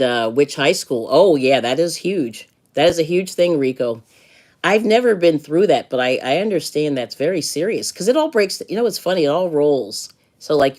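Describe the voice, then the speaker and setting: Middle-aged woman chatting on a livestream, low voice that swings around a lot, laughs a bunch. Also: darkish tone. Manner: chatty, advice-giving, laughs often. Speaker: livestream host. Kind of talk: casual live chat with viewers.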